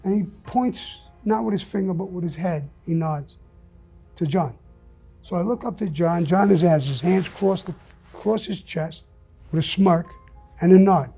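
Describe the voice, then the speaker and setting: Older man, interview guest, blunt profane storyteller, dark mellow tone. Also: high voice, unhurried, slightly rough, soft background music.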